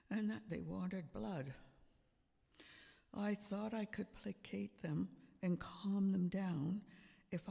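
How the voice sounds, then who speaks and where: This man's high-pitched, gravelly, slightly mellow full character voice brings Pontius Pilate to life in a church play, the Roman governor defending himself on the witness stand. He speaks slowly and emphatically amid the sanctuary's long reverb.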